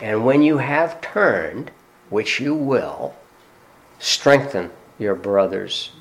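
A man preaching, voicing an exasperated adult male teacher who rebukes his followers with loud, rising questions. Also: lowish voice, expressive, extremely slow, heavily acted, poor audio. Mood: solemn, slow.

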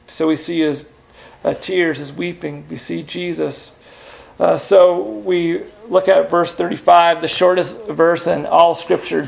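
Gravelly higher-voiced male preacher. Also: slight background noise. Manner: earnest, with frequent "uh" and rhetorical questions. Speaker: pastor. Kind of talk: sermon.

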